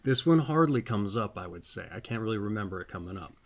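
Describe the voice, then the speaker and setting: A man's voice: lowish voice, animated, fast. A man giving a casual, rambling birthday astrology reading as host, folksy and often checking in with "all right?" while laughing at his own jokes.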